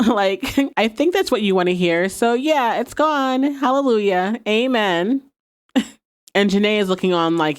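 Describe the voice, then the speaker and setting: A woman's voice: medium pitch, lively intonation, moderate pace. A woman hosting a rewatch podcast, casually retelling scenes and laughing often as she goes. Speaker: podcast host. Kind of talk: casual episode recap.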